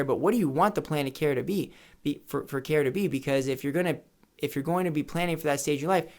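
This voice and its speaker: A man advising on retirement, speaking emphatically, repeating key questions and telling anecdotes to make his point. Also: a little high. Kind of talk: educational talk to camera. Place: office or home studio. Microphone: camera mic with studio lights setup.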